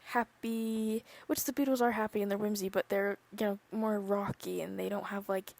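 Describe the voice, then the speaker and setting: Young woman, solo podcast host, rambling casual talk, gravelly fry in her voice, mid-pitched. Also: fairly even intonation, moderate pace, few pauses, no echo. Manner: rambling, full of "like" and "literally", drifting soft. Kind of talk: casual chat.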